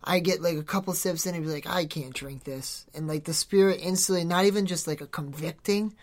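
A fast-talking podcast host with a steady, medium-pitched voice preaches a devotional informally and earnestly, exhorting his audience. His delivery rambles, with many restarts and self-corrections along the way.

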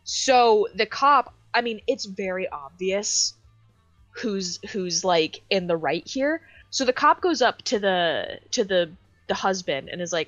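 A young adult woman co-hosting a podcast, telling an animated story with swearing and lots of fillers. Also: medium pitch, takes it slowly, no room sound, muffled recording, faint music behind. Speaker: podcast co-host. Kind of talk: casual chat.

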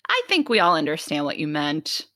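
A woman hosting a podcast, chatting casually and telling animated stories, slipping into mocking voices. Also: sits low, a little fast, dry recording. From Italian immigrant family. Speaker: podcast host. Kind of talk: casual chat.

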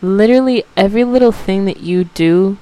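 A woman's voice: mid-range voice, brisk, dark tone, rough recording. A young woman hosting a podcast, giving a casual motivational talk, emotional and close to tears, swearing and laughing as she goes. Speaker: podcast host.

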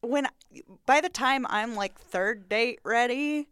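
A woman co-hosting a podcast, recapping a reality show in casual chat, opinionated and quick to laugh. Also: fairly high pitch, fairly bright tone, clean tone, no echo, studio quality. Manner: chatty, laughs often, opinionated. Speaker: podcast co-host.

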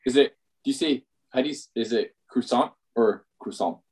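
Husky laid-back Canadian man. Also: medium pitch, fairly quick, darkish tone, far from the mic, low-quality recording. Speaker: podcast guest. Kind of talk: casual chat.

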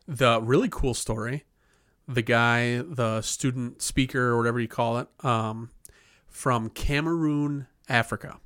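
Animated, swearing man telling stories. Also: mid-range voice, a little slow, no echo, clean studio sound. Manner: animated storyteller, laughs and swears often. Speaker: podcast co-host. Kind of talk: casual storytelling chat. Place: podcast studio.

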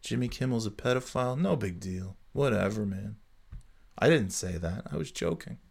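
A man's voice: fairly low pitch, lively intonation, moderate pace, gravelly, a little mellow. A man putting on a mushmouthed, carefree, laid-back bro voice with a slack, dismissive drawl. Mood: mocking. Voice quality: mushmouthed, mumbling.

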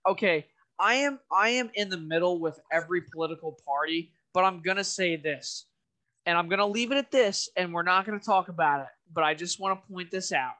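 A man's voice: high-pitched, a little fast, bright, forceful tone. A man co-hosting a podcast in casual chat, rambling and leaning heavily on "you know" fillers. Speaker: podcast co-host.

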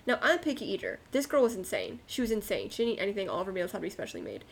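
A woman's voice: medium pitch, huge pitch swings, rapid-fire, creaky, a little hiss or hum. A woman co-hosting a podcast, chatting casually and telling a rambling story with fillers. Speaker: podcast co-host. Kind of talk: casual chat.

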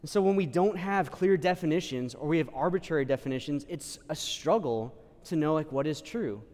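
A man's voice: fairly high pitch, a little fast, a little mellow, big-room sound. A man, a priest, preaching a sermon in a casual, conversational way, full of fillers and acted-out quotes. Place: church.

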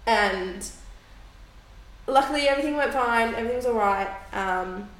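호주 억양의 생기 있는 여성 팟캐스트 진행자, 울리는 방. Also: female voice, on the high side, normal speed. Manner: animated storytelling, acting out quotes. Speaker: podcast co-host. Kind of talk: casual chat. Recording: echoey room.

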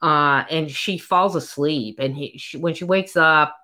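Low-voiced woman retelling a story. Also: unhurried. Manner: lively retelling of the plot, acts out quotes. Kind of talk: casual book discussion.

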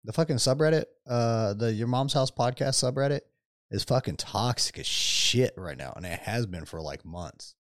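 A man co-hosting a gaming podcast, chatting casually with heavy swearing and animated rants. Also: mid-range voice, normal speed, no room sound, clean studio sound. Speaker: podcast co-host. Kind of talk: casual chat.

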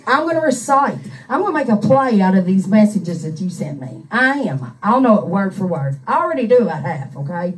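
Sitting on her couch at home with a handheld microphone, a streamer reads out a troll's texts and mocks him in a crude, profane rant, laughing often. Her voice is on the high side and sing-song, at a moderate pace. She's far from the mic and the audio is poor.

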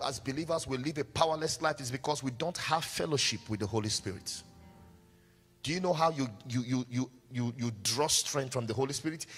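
Pastor, male, husky bright voice, lively sermon storytelling; reverberant church hall with soft music behind. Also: medium pitch. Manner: animated, repetitive, acts out scenes.

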